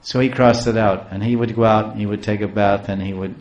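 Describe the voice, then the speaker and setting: A man preaching a devotional story, halting and repeating words as he goes. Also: lowish voice, steady tone, darkish tone, highs cut off. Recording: roomy echo.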